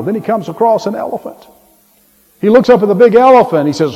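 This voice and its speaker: A man preaching a sermon, animated and storytelling, rising loud on his key points. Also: sits high, brisk. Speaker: pastor. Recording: long hall reverb.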